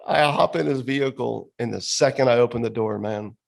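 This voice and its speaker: Gravelly man telling a story. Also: mid-range voice, fairly quick. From Florida. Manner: storytelling, laughs often, says bro and dude. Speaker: podcast co-host. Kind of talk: casual chat.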